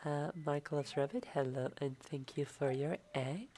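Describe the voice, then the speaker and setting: A young woman streamer talking softly in a murmuring ASMR voice as she plays a game. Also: low-pitched, a little hiss or hum. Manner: slow, murmuring and drawn-out, with sudden delighted exclamations.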